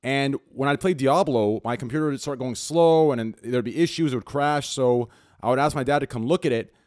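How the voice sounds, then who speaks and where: Man with a mid-pitched voice, casual. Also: a little fast, a little mellow. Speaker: podcast guest. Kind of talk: casual chat.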